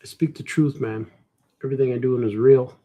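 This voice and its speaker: A man's voice: medium pitch, steady tone, brisk, warm tone. A man, a cartoonist, chatting casually while he draws, rambling playfully and joking to himself. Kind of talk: casual chat while drawing.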